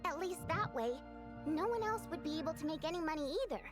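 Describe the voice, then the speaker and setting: A woman's voice: high-pitched, expressive, fast talker. A woman voicing an earnest young female ally in a game, confiding her plans in long explanations. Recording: game voice over clear music.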